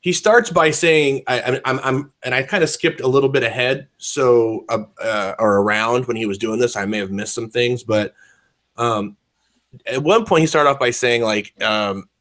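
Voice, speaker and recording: A man's voice: medium pitch, normal speed, fairly bright tone. A man co-hosting an online discussion show, rambling in casual chat with a lot of swearing and filler words. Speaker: podcast co-host.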